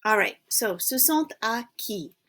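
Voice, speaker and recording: A woman's voice: a little high, animated, unhurried, fairly bright tone. A woman teaching a recorded French lesson in English, patiently prompting students to think and checking in with frequent okays.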